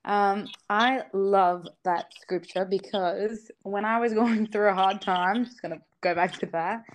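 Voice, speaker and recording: A woman's voice: mid-range voice, fairly even intonation, unhurried, a little hiss or hum, rough recording. A young woman from Australia talks as a podcast guest in a loose, chatty way. She fills her sentences with ums and likes, and she laughs easily between thoughts. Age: young adult. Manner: chatty, laughs often, many fillers. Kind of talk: casual faith podcast interview.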